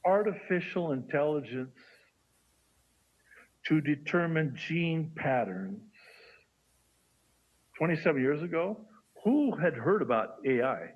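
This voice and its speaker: A man guest on a livestream who reads a list aloud slowly, teasing each item with suspense. His voice is fairly high for a man and swoops widely in pitch, and he takes his time. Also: lively intonation, lo-fi sound. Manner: dramatic, builds suspense, teasing. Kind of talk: reading a list aloud with commentary.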